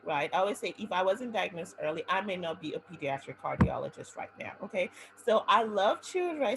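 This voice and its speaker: A woman physician giving a webinar talk, telling her own story in an animated way and often checking in with "right?". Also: fairly low pitch, creaky, background noise.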